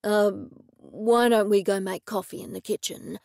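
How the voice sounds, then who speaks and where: A woman narrator puts on a steady, protective male detective in an audiobook. He speaks hesitantly and earnestly, with a slightly gravelly texture. The sound is dry and close. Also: mid-range voice, measured pace, no echo. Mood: tender.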